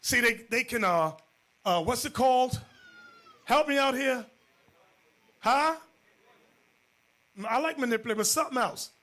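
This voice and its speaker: A man teaching as bishop, telling stories to a class and swinging into loud, shouted points. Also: extremely high pitch, expressive, normal speed, pauses often. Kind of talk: animated class sermon.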